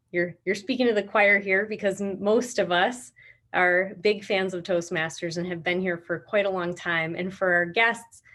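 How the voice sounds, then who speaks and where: Low-voiced woman giving measured feedback. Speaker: speech evaluator. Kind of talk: club meeting evaluation. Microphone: video call.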